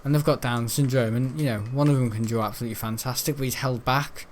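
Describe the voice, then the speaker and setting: A man's voice: medium pitch, fairly even intonation, fast talker, a little hiss or hum. A young British man rambling casually as he hosts a gameplay video, chatty and meandering, full of fillers and self-corrections. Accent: British English. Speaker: gaming channel host.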